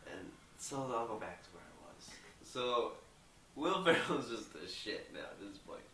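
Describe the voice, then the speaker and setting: A man's voice: mid-range voice, big pitch swings, unhurried, sharp tone, reverberant, far from the mic, a little hiss or hum, low-quality recording. A young man loosely retelling a movie plot, rambling with lots of filler words. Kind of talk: rambling casual movie recap.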